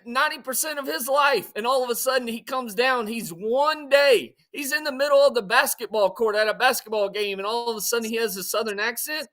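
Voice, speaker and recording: Blunt, bright-voiced man. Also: very high-pitched, fairly quick, few pauses. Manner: blunt and profane, mocking. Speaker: guest. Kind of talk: casual sports talk.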